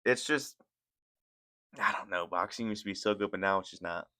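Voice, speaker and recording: Bright-voiced young man ranting casually. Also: low voice, normal speed. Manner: profane, laughing, rambling. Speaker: commentary channel host. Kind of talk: casual reaction commentary.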